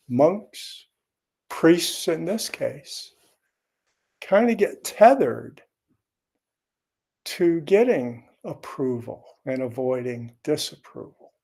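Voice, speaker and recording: A man teaching as a Zen teacher in a dharma talk, unhurried and conversational with wry asides. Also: fairly high pitch, vocal fry, darkish tone.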